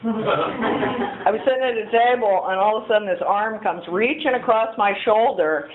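A woman's voice: mid-range voice, moderate pace, a crowd in the background. A middle-aged woman speaking at a recovery meeting, candid and storytelling. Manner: candid, storytelling, acts out quoted voices. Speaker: AA speaker sharing her story. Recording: tinny phone-like audio with faint hiss.

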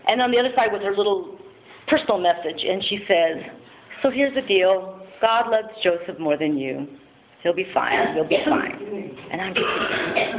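A woman's voice: medium pitch, lively intonation, brisk. A woman giving a candid personal testimony at a recovery meeting, frank and self-mocking, laughing often and swearing casually. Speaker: speaker sharing at a recovery meeting. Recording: tinny phone-like audio with faint noise.

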